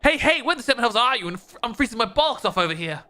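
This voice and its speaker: A man's voice: extremely high pitch, big pitch swings, racing, bright, forceful tone, heavily acted. A man voicing a grumbling, defensive male guard stuck on wall duty in a game.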